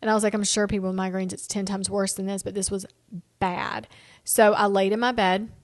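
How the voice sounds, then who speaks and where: A woman's voice: medium pitch, level tone, fairly quick, no echo, clean studio sound. A middle-aged woman tells a long personal story on her solo podcast. She is tired and yawning, rambling and talking straight to her listeners. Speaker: podcast host.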